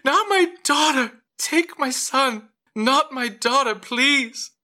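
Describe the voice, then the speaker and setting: A frantic young mother, as a man puts her on, pleading in a high, strained voice that sits far above his own. The tone is bright and edgy. It comes from a spoken tabletop game. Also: animated, slow, heavily acted.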